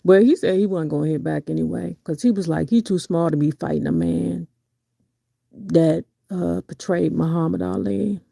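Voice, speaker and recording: A middle-aged woman in casual live-stream commentary, reading viewers' chat and giving frank, profane opinions full of rhetorical questions, her pitch jumping up sharply when she exclaims. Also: expressive, normal speed, vocal fry, mellow, no room sound, studio quality.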